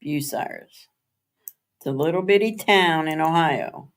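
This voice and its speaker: A woman's voice: deep voice, measured pace. A woman hosting a casual live stream from home, chatting with viewers, answering their comments by name, spelling words out and laughing often. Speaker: livestream host. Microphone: streaming setup.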